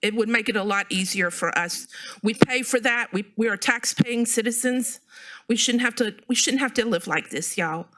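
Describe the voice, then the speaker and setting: A woman's voice: a little high, normal speed, sharp tone. A woman giving a frustrated, emphatic public comment at a city council meeting. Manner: frustrated, emphatic, repeats herself.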